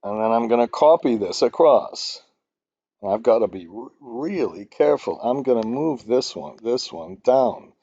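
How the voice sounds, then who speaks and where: Man, spreadsheet tutorial, rambling, self-deprecating, mellow voice, dry dull lo-fi sound. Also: medium pitch, lively intonation, moderate pace, slightly rough, no echo. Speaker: finance instructor. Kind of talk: screen-recorded spreadsheet tutorial.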